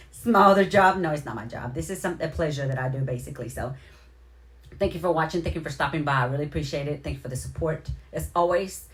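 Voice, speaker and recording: A woman hosting a casual livestream, giving effusive, rambling shout-outs and repeating her thanks to viewers. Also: low voice, expressive, fairly quick. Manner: heartfelt, near tears at moments. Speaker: livestream host.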